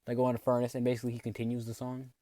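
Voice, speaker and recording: A man's voice: medium pitch, completely flat delivery, rapid-fire, warm tone, no echo. A man giving a rambling comedic recap of a cartoon plot, full of snarky asides. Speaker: video narrator.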